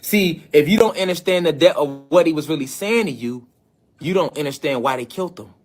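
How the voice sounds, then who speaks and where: Higher-voiced man lecturing emphatically. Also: animated, fairly quick. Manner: lecturing, rhetorical questions, emphatic. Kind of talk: preachy livestream lecture.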